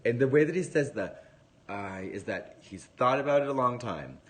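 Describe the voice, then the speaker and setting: A man chatting casually on a livestream, telling a rambling, animated story with plenty of swearing. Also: medium pitch, brisk.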